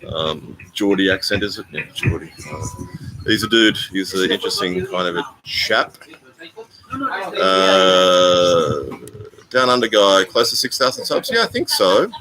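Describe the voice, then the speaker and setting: This older man has a very deep, low-pitched voice and talks in a loose, meandering way, stopping and restarting often. He sounds like he is on a phone live stream, with plenty of noise behind him. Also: lively intonation. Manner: rambling, halting, with frequent ums and restarts. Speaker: vlogger hosting a live stream. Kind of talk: casual live-stream chat.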